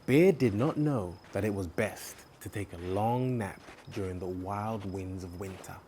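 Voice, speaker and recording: A man hosting a children's show and reading a bedtime story aloud in an expressive way. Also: lowish voice, a little slow, slight background noise. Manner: animated and expressive. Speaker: storyteller host.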